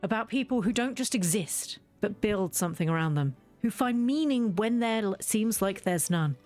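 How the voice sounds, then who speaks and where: A woman's voice: mid-range voice, animated, normal speed, darkish tone, soft background music, close to an everyday voice. A woman voicing an earnest young female journalist in a game, reading her lines aloud sincerely and reflectively.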